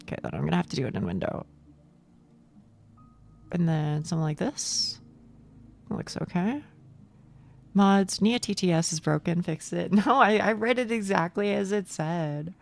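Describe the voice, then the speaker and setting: A young woman streaming a game live, chatty and excitable, swearing freely and reading out chat. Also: on the low side, moderate pace, creaky, long pauses.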